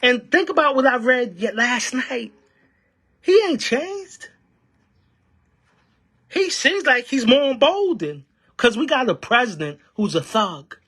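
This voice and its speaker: A man's voice: very high-pitched, sing-song, normal speed, pushed and bright. A man giving fiery, preacher-like union commentary packed with rhetorical questions. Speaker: union member and activist. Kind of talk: impassioned political commentary.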